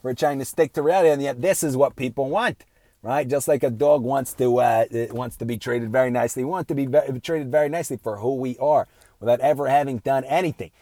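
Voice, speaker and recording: A man's voice: medium pitch, warm tone. An earnest man speaks in a middle-range voice, delivering an unscripted moral lecture. He fires off rhetorical questions and keeps asking "right?", stumbling through restarts and ums along the way. The sound is dry and close, with no room echo. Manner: halting restarts with many fillers. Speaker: speaker giving a moral talk.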